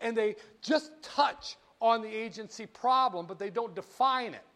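Guy lecturing a class, pretty high voice, lively, cracks jokes at students. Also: a little slow. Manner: lively, jokey, speaks straight to students.

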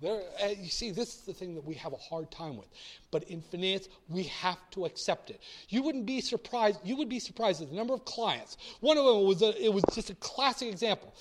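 A man's voice: high-pitched, expressive, a little fast, slight background noise. A man lecturing on finance in a blunt, theatrical way, acting out little dialogues. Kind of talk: recorded lecture.

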